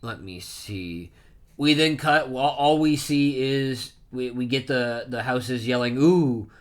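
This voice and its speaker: A man casually recapping a manga chapter, reading panel lines aloud with loud bursts of emphasis and frequent self-corrections. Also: mid-range voice, takes it slowly. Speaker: manga reaction streamer.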